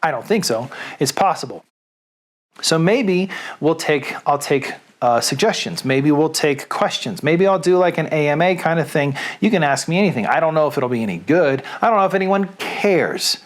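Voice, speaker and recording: A man's voice: on the high side, animated, normal speed. A middle-aged man and radio DJ, talking to camera alone in a small room at home in a chatty, rambling, self-deprecating way. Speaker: radio DJ and video host. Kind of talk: casual rambling monologue to camera. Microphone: studio microphone.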